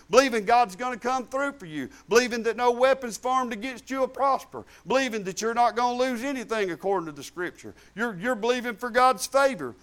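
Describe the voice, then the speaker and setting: A man's voice: high voice, fairly bright tone. A middle-aged man preaching a sermon in a folksy, emphatic way, repeating phrases for stress.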